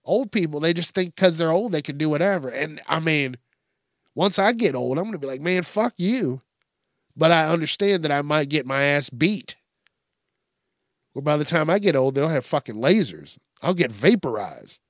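A young man rants on his solo podcast, blunt and full of swearing. His voice sits a little high. The sound is close and dry. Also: expressive, moderate pace, no room sound. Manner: blunt, heavily profane. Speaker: podcast host. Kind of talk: casual solo rant.

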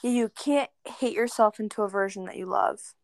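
A young woman on a casual podcast, speaking candidly and earnestly at a mid pitch. She leans on fillers and restarts as she opens up. The sound is dry and close. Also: normal speed, no room sound. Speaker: podcast guest.

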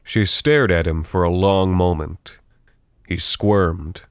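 A man narrating scripted fiction in a steady, even storytelling voice. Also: low-pitched, takes it slowly, clean tone, no echo, studio quality.

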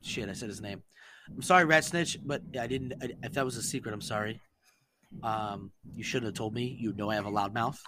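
The background is noisy, and his lowish voice moves a little fast. He's a podcast co-host casually telling friends a long tale, cursing liberally and dramatizing each quoted text.

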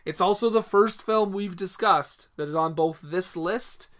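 A man's voice: high-pitched, a little slow, a bit bright. A young adult man co-hosting a casual film podcast, matter-of-fact, listing film facts with fillers. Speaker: podcast co-host.

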